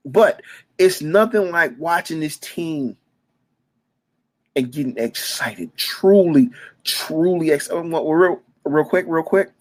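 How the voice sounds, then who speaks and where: Emotional detroit guy, ex football coach, rambling fan talk, keeps repeating himself and tripping over words, gets loud in spurts. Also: on the high side, expressive, slow. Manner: emotional and repetitive, stumbling over words, with sudden loud bursts. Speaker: former youth football coach and sports fan. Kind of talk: emotional unscripted fan monologue.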